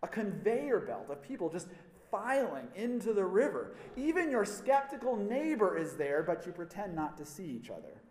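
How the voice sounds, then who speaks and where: A man's voice: sits high, big pitch swings, moderate pace, a little mellow. A man preaching a sermon, telling a story in a conversational style with a wry sense of humor. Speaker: pastor. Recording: echoey hall reverb.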